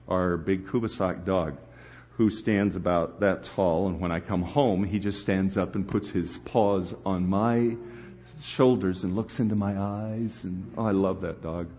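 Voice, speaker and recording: A middle-aged man preaching to a live audience, telling a story with bursts of laughter and acted voices. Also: sits low. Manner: animated storyteller, breaks into laughter and acts out voices. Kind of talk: storytelling sermon. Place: church hall before a live audience. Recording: dull lo-fi live recording.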